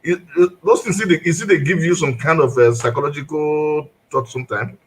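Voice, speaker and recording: A man's voice: fairly high pitch, brisk. A man with a Nigerian accent, a co-host chiming in briefly during an interview. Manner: short agreeing interjections. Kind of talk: interview chat in Pidgin.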